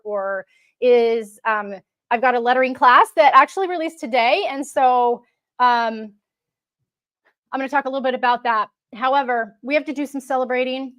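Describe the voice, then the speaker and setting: A chatty woman hosts a casual live stream, her voice sitting a little high. She rambles along, stopping and restarting her sentences as she goes. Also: a bit bright. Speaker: host.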